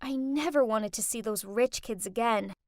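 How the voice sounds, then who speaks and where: A woman narrating a first-person animated story in an expressive, dramatic manner. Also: on the high side, normal speed, dry recording, clean studio sound.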